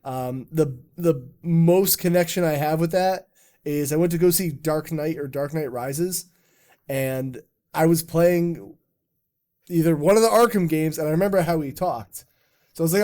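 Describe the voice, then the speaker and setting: A man's voice: on the high side, steady tone, normal speed, warm tone. A man hosting a live stream chat in a rambling, jokey way, swearing often. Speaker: streamer and podcast host. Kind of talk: casual chat.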